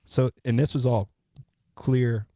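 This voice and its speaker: A man's voice: medium pitch, slow, no echo. A man co-hosting a podcast, casually retelling a true-crime story step by step, now and then swearing. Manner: relaxed, profane, retells events step by step. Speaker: podcast co-host.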